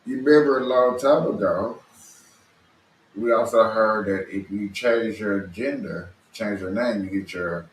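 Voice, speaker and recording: Animated, colloquial man in a roomy space. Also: fairly low pitch, measured pace. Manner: animated, colloquial, repeats himself, laughs while talking. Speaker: commentator. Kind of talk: casual reaction commentary. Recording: roomy and distant with loud background noise.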